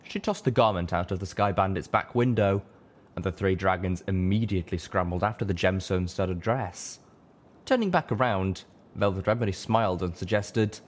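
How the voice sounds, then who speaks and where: Man, low voice, audiobook narrator, steady first-person storytelling. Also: moderate pace, a little hiss or hum. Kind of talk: audiobook reading of fan fiction.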